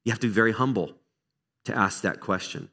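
Bright, animated middle-aged preacher man. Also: on the low side, fairly quick, vocal fry. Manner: animated, candid, self-deprecating storytelling. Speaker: pastor. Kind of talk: conversational sermon.

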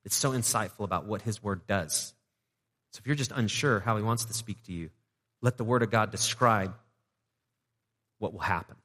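A man's voice: on the low side, moderate pace, pauses often, a bit bright. A man preaching a sermon as pastor in a loose, conversational way with playful asides. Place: church sanctuary. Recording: reverberant church hall.

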